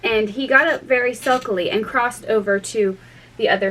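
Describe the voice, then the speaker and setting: A woman reading a storybook aloud in steady narration, with small restarts. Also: fairly high pitch, normal speed, a little hiss or hum, rough recording. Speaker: reader.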